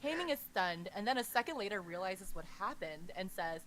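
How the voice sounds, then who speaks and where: A woman's voice: medium pitch, animated, fairly quick, few pauses, fairly bright tone. A woman with a mid-range voice recaps a story for a podcast in a chatty, conversational way. She narrates plainly, with a faint hum of noise behind her. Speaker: podcast co-host.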